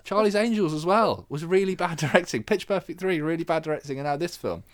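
A man's voice: a little high, fast talker. A man co-hosting a podcast, ranting in a casual chat and swearing freely. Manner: animated, swearing ranter. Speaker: podcast co-host.

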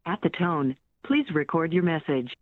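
A performer voicing an automated voicemail greeting in a flat, formal tone, heard over a phone line. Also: medium pitch, moderate pace, natural voice. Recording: tinny phone line with noise.

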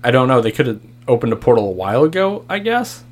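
A man voicing a frantic woman who is fighting a monster with a broken minigun, talking in a loud, flustered way. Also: mid-range voice, big pitch swings, fast talker, pitched above the performer's own voice. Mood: unsure. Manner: shouting, flustered.

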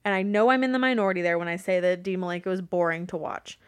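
A woman co-hosting a wrestling podcast, talking in a blunt, animated, casual way and swearing freely. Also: lowish voice, quick pace, clear, resonant tone, dry recording. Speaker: podcast co-host. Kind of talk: casual wrestling recap chat.

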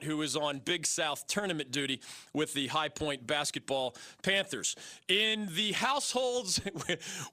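Bright high-voiced man hosting talk radio. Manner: animated storyteller, chuckles while talking. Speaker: radio call-in show host. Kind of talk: sports talk radio storytelling.

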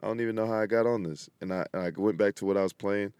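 A man's voice: lowish voice, steady tone, racing, darkish tone, clear, resonant tone, no echo, lo-fi sound. Laid-back slangy young man podcasting. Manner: laid-back slangy talk, talks to listeners directly. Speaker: podcast host. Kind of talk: casual solo podcast chat.

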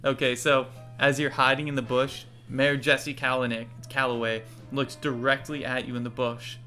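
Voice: mid-range voice, level tone, moderate pace, pushed and bright, faint music behind. Laid back gm narrating a tabletop game, mid voice, chill. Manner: casual, laughing often. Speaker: game master.

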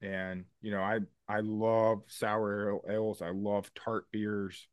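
A man with a fairly low voice talks in a casual podcast chat. He explains things eagerly and in detail and swears now and then. His voice sounds dry and close, with no room around it. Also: level tone, slow pace, clear, resonant tone, no echo. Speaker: podcast co-host.

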